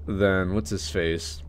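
Chatty low-voiced man playing a game. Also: a little hiss or hum. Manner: chatty, laughs a lot, reacts excitedly. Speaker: let's play host. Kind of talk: gaming commentary.

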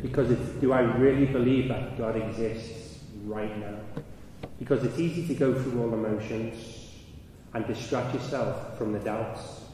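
This man gives a conference talk at an unhurried pace in a mid-range voice, growing louder as his story builds. He's captured from a distance in a large hall with long, ringing echo and constant background noise.

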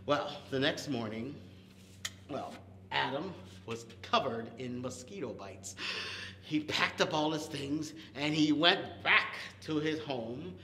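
A man's voice: on the high side, takes it slowly, pushed and bright, echoey room, slight background noise. A man leading a toddler storytime, telling a story with playful animal and vehicle noises. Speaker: children's librarian. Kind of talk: toddler storytime with sound effects.

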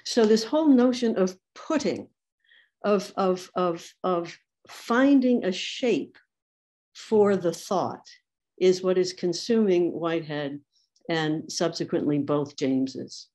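Woman symposium lecturer, slow and deliberate, dry wry humor. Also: on the low side, warm tone. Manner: wry asides while quoting thinkers. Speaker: symposium speaker. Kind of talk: academic lecture.

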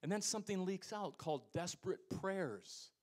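A man preaching a sermon as pastor, with an American accent, swinging between loud emphatic lines and quiet low asides. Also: expressive, moderate pace.

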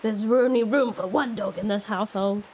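A woman's voice: mid-range voice, moderate pace, a little mellow, a little hiss or hum, voice pushed down, close to an everyday voice, poor audio. A woman voicing her smug, possessive male pet dog, close to her own voice.

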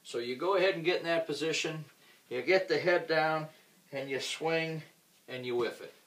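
A man's voice: on the high side, moderate pace, fairly bright tone. A man teaching golf in a casual, joking way, acting out common mistakes while he demonstrates swings. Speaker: golf instructor. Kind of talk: instructional talk with demonstration. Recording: roomy sound from a distant mic.

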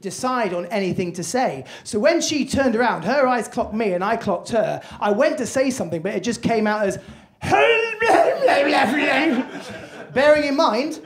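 A young man performing a stand-up comedy set on a club stage, telling a story with lively acted-out voices. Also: sits high, fairly quick, few pauses.

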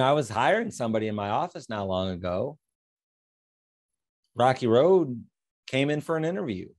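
Giving a talk on fair housing, a man with a lowish voice tells an animated teaching story, quoting both sides of a conversation and repeating phrases for emphasis.

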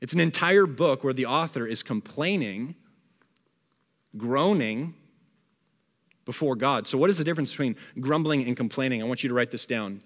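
A man preaching a sermon, reading scripture aloud and acting out a grumbler's complaints with lively energy. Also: medium pitch, moderate pace, pauses often, long reverb tail. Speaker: pastor. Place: church hall.

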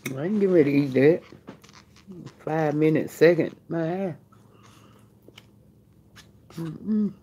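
A woman's voice: deep voice, takes it slowly, pauses often, mellow, husky. A woman vlogging in a casual live stream while eating, chatting straight to her viewers.

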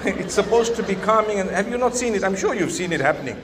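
Man, Islamic preacher, live sermon, fairly high voice, animated, questions the crowd, large events hall. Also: brisk, hardly any pauses, noisy background. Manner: animated, rising to emphatic exhortation, then softening; asks the audience questions and jokes.

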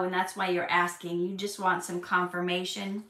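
A woman with a lowish voice hosts a live Q&A stream, answering viewer questions at a moderate pace. She chats casually but turns earnest and preachy, growing animated when excited. The recording is distant and a bit off-mic, with a roomy echo.

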